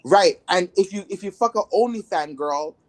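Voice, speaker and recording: A woman's voice: on the low side, lively intonation, normal speed. A woman guest in a casual interview who talks bluntly and rambles, with many filler words. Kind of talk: casual candid conversation.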